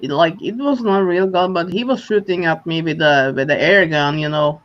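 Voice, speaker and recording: A man's voice: fairly high pitch, a little fast, lo-fi sound. A man chatting on a live stream, talking hesitantly with many restarts and fillers. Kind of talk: casual chat.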